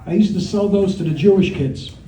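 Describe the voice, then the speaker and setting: Man, New York Italian-American accent, stand-up comic, high voice, roomy club sound, a bit off-mic. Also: fairly quick, noisy background. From Brooklyn, New York. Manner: brash, profane storytelling with punchlines. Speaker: stand-up comedian. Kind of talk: stand-up set at an open mic. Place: comedy club with audience. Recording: echoey room, mic heard from a distance. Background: audience laughter.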